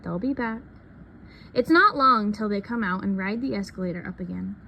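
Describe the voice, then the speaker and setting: A woman reading a picture book aloud in a soft, unhurried storytelling manner. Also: mid-range voice, creaky, slight background noise. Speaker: reader.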